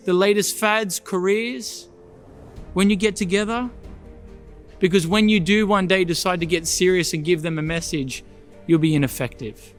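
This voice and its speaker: Earnest high-voiced preacher. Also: male voice. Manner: earnest, rhetorical questions, emphatic repetition. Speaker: pastor. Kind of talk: sermon. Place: church.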